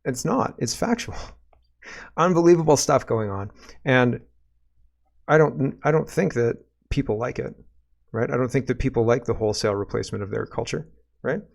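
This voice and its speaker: A man's voice: medium pitch, moderate pace, vocal fry, pauses often. A man from Canada hosting his own political commentary show, talking off the cuff in an ordinary mid-range voice. He reads viewer comments and then reacts to them. His tone is sarcastic and exasperated.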